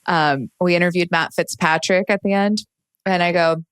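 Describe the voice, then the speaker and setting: A woman's voice: lowish voice, steady tone, moderate pace, clear, resonant tone, no room sound. An American woman co-hosting a podcast, chatting casually and telling stories with easy laughs. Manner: chatty storyteller, laughs easily. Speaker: podcast co-host. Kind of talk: casual chat.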